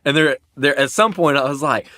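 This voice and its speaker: A man's voice: fairly high pitch, brisk, pushed and bright. A man with a Southern US accent, co-hosting a casual chat who laughs often and jumps in eagerly. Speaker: podcast co-host.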